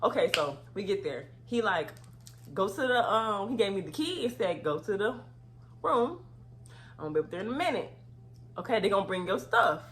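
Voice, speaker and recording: Animated woman telling a storytime. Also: mid-range voice, normal speed. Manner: animated, swings into loud outraged retellings. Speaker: vlogger. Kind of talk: casual storytime.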